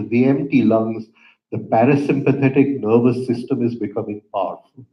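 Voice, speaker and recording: A man teaching a yoga breathing lesson, giving calm instructions with soft pauses and frequent "right?" asides. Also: medium pitch. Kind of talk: guided breathing lesson with storytelling. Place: yoga center room. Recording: roomy, dull lo-fi hall recording.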